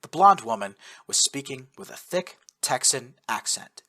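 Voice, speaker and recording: An expressive man reads a first-person war tale aloud with lively storytelling. His voice is bright and forward, and his pitch moves freely over a wide range. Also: unhurried. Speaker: narrator. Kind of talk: first-person audiobook narration of fan fiction.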